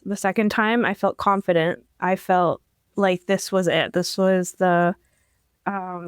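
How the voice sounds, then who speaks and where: A woman's voice: medium pitch, smooth, no room sound, clean studio sound. A young adult woman guest on a podcast, telling her story with enthusiasm and many fillers. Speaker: podcast guest, incoming law student. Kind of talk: casual interview talk.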